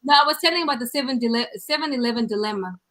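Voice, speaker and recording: A South African woman hosts a casual podcast chat, her voice sitting a little high. She tells stories with animated emphasis, leaning hard on the punchlines. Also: rapid-fire, rough recording. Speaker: podcast host.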